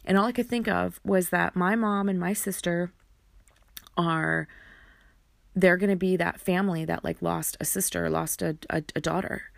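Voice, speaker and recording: A woman telling a personal story in a halting way, often repeating words and using fillers. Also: on the low side, fairly even intonation, creaky, dry recording.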